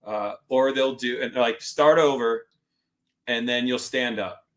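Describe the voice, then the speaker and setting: A middle-aged man with a mid-range voice, speaking at a moderate pace, tells a story in casual conversation as a podcast guest. He's animated, acting out other people's voices and putting the instructors' lines in quotes.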